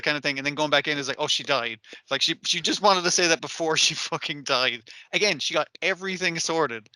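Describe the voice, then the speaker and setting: A man co-hosting a podcast in casual chat, swearing a lot and retelling scenes with animated quoted voices over a remote call. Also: a little high, fast talker, hardly any pauses, no echo. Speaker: podcast co-host. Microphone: remote call mic.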